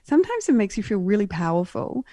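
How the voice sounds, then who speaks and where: A middle-aged woman speaks as a guest in a relaxed conversational interview. Her voice is mellow and soft-edged, and she tells lively, emphatic stories, often restarting her sentences. The recording is dry and close, with almost no room sound. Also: medium pitch, fast, no room sound. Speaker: podcast guest, clothing stylist.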